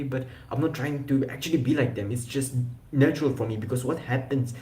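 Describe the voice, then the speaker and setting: A man's voice: medium pitch, dark tone. A young man chatting casually on a live stream, rambling with slang and restarts. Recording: echoey room.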